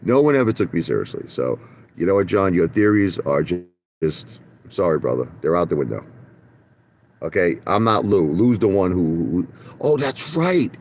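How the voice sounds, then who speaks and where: A middle-aged man with a very low voice rambles blunt, profane stories from the seat of his parked car. He stumbles and restarts his sentences as he talks straight to his viewers. A faint noise sits under the recording. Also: sing-song, moderate pace, a little mellow. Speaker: vlogger. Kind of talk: casual rambling monologue.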